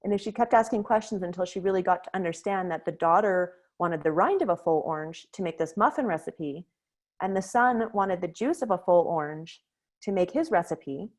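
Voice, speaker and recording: A woman's voice: on the low side, animated, normal speed, darkish tone. Woman teaching in a webinar. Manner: clear, explanatory, storytelling. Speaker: conflict resolution trainer. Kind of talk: webinar lecture. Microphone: webinar microphone.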